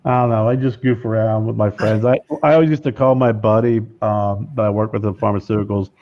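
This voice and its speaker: A man's voice: lowish voice, brisk, dry recording, muffled recording. A man guest on a cigar podcast, casually telling stories and slipping into impressions. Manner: animated storyteller who slips into celebrity impressions.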